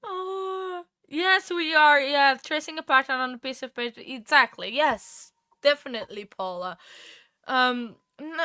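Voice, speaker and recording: Woman livestream host, bright higher voice, unhurried, gushing and easily distracted, dry close sound. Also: dry recording. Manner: effusive, often laughing, easily distracted. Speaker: true crime livestream host. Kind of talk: casual livestream chat with viewers.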